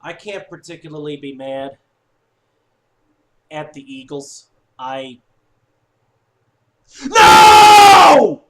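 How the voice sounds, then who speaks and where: A man giving an upset, sweary sports fan rant, swinging from low muttering to shouting. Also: fairly even intonation, slow pace, pauses often, a faint crowd. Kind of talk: ranting fan monologue.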